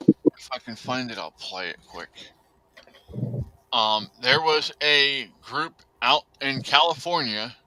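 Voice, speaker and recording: A man's voice: medium pitch, animated, slow, sharp tone, poor audio. A man hosting a casual podcast chat, rambling with lots of fillers and speaking bluntly. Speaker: podcast host.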